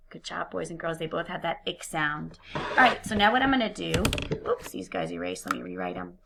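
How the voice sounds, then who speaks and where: A woman teacher leading a phonics lesson for young children, saying words slowly and clearly, sound by sound. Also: fairly low pitch, sharp tone, slight background noise. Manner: slow, clearly enunciated drilling of words and sounds.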